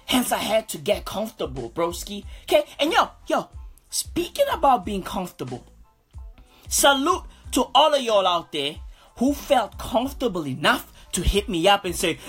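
A woman's voice: mid-range voice, big pitch swings, normal speed, fairly bright tone, breathy edge, soft background music. A woman hosting a comedic podcast, ranting in a brash, swaggering bro manner and calling everyone bro. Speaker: podcast host.

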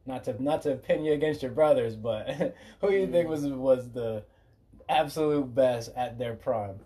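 Mellow-voiced man hosting a casual podcast. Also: medium pitch, measured pace. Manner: animated, profane storytelling. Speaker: podcast host.

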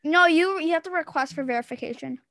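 A young woman hosting a casual podcast chat, excitable and giggly. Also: high voice, fast. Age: young adult. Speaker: podcast host.

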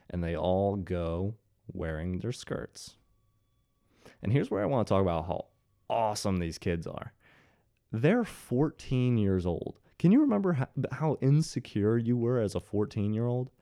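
Expressive and mellow, his voice sits low and moves at a measured pace in a dry, clean studio sound. He's a young commentary host from Ohio in his twenties, telling his audience a casual story laced with sarcastic asides.

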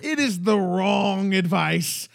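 A man co-hosting a casual podcast, animated, laughing often and talking straight to the characters. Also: sits high, slow, creaky. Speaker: podcast co-host. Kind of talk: casual rewatch podcast chat.

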